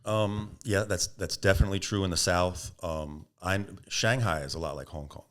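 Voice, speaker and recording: A man's voice: low voice, moderate pace. A middle-aged man, a podcast guest, telling long stories in an interview and acting out the people in them. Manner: animated anecdotes, acts out quoted voices, laughs. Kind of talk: storytelling interview answers.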